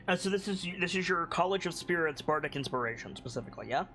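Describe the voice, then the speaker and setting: A man's voice: a little high, expressive, quick pace, sharp tone, slight background noise. A man running a tabletop game as game master, describing scenes in a laid-back way with lots of "like"s.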